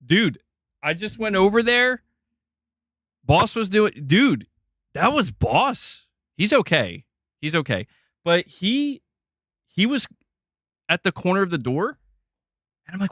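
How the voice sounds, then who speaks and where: A man's voice: high-pitched, big pitch swings, slow, pauses often, fairly bright tone, no room sound, clean studio sound. A man hosting a casual gaming livestream, joking and swearing freely as he talks to chat. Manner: loose, profane, joking. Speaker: livestream host.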